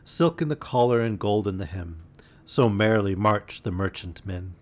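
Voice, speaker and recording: A man's voice: fairly low pitch, expressive, normal speed, close to an everyday voice. A man voicing a chorus of tiny cheeky mice that chant their songs in a sing-song way. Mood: singsong.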